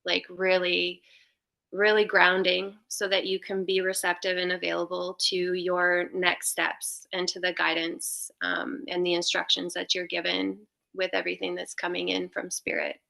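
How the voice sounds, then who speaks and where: Bright-voiced woman giving spiritual advice. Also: fairly low pitch, completely flat delivery, normal speed, vocal fry. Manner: meandering, many fillers and restarts. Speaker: spiritual guest speaker. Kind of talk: casual spiritual talk.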